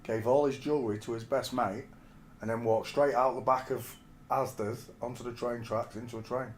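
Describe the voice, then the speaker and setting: A man's voice: mid-range voice, fairly even intonation, normal speed, slight background noise. A man in his forties from England, telling rambling stories in casual chat and calling the listener mate. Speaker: streamer.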